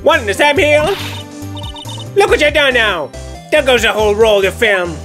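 A woman's voice: a little high, animated, moderate pace, a bit bright, soft background music. A woman voicing a brash, nosy country woman photographer with a put-on Southern US drawl, folksy and scolding, in a game playthrough. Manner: folksy, scolding, heavy twang.

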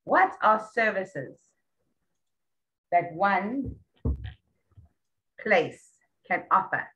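Slow, lively-voiced woman tutoring a child. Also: mid-range voice, muffled recording. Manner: patient, praising, repeats words slowly. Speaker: English tutor. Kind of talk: one-on-one lesson with a child.

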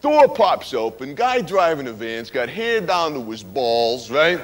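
A man's voice: mid-range voice, big pitch swings, unhurried, a little hiss or hum. A man playing a brash, tough-talking young hitchhiker telling a wild story on stage, forever asking "right?". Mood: rowdy. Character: wild young male hitchhiker spinning a stoner tale. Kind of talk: stage monologue character.

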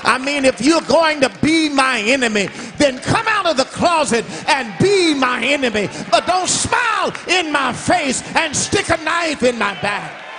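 High, lively preacher in a reverberant church. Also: male voice, a little slow, slight background noise. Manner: emphatic preaching cadence, swinging between shouted and sung phrases. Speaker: guest revival preacher. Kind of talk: sermon. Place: church sanctuary. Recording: long church hall reverb.

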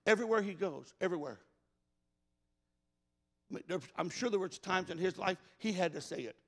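A man preaching a folksy, emphatic sermon that builds to shouts in a large church. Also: sits high, animated, fairly quick, in a large hall. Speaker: pastor.

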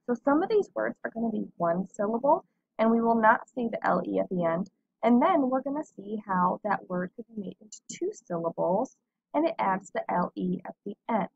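Woman teacher, phonics lesson, slow clear word reading, husky tone, dry muffled recording. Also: medium pitch, expressive, no echo.

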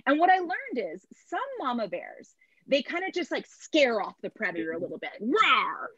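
A woman in her thirties doing a stand-up set over a video call, animated and punchy, stretching her punchlines. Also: high-pitched, a little fast, breathy edge, no room sound, highs cut off. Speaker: stand-up comedian. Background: laughter from viewers.

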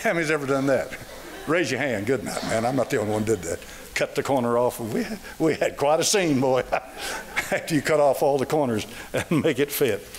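A man preaching a sermon to a congregation, folksy and emphatic, with loud emphatic peaks. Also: mid-range voice, expressive, a little fast. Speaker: pastor.

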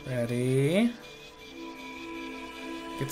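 A man's voice: medium pitch, sing-song, unhurried, long pauses, a bit bright. A man playing through a game, chatting playfully, joking, swearing, and reading the on-screen text aloud. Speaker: let's play gamer. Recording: game music playing under the voice. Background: game music.

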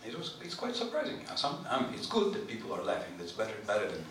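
A man giving an informal scripture lecture to a live group, chatty and animated, putting questions to his listeners and often clearing his throat. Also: lowish voice, fast, far from the mic. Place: temple hall. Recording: very echoey hall, voice from off-mic, faint noise.

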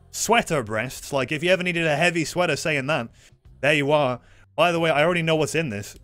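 Excitable young man streaming a game. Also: a little high. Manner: excitable, swears a lot, yells at the game. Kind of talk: live gameplay commentary.

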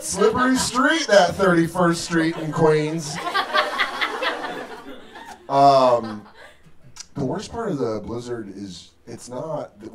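Profane, rambling comedian in a roomy basement. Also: male voice, medium pitch. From United States. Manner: loose, profane and rambling, with quick asides. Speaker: stand-up comedian. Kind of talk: stand-up set. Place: small apartment basement room with a live audience. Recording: roomy basement audio from a distant mic, with audience noise. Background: audience laughter.

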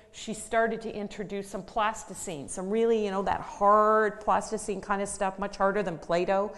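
A middle-aged occupational therapist gives a conversational public talk in a large hall, her voice at a medium pitch. She walks through a practical case story in plain words, with some fillers and restarts.

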